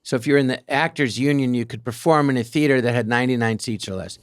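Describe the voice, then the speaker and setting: A man telling stories as a guest on a live podcast, animated and quick to slip into character voices. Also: mid-range voice, smooth, no echo, studio quality. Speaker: guest comedian. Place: theater stage.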